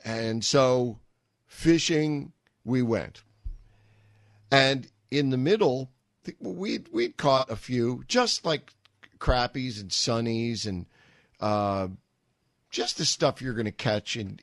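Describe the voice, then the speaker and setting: A man's voice: mid-range voice, slow, dry recording. A middle-aged man hosting a talk radio show, telling a rambling story with wry asides into a studio microphone.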